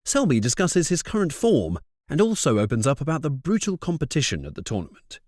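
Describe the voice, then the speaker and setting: A man's voice: a little high, huge pitch swings, brisk, a little mellow. A man reading scripted narration for a countdown compilation in an upbeat way.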